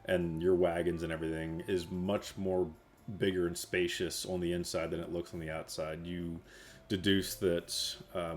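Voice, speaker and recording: A man's voice: sits low, slight background noise. A man narrating as game master of a tabletop game, rambling through scenes with many fillers. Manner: rambling, filler-heavy storytelling.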